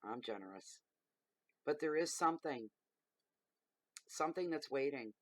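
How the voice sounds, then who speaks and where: A woman's voice: very deep voice, no echo, rough recording. A middle-aged woman, a tarot reader hosting her own channel, ranting to camera in a blunt, heated and sweary way.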